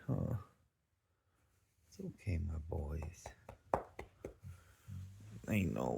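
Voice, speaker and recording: A man vlogging at home and softly cooing to his dogs in baby talk. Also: low-pitched, vocal fry, husky. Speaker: dog owner vlogger.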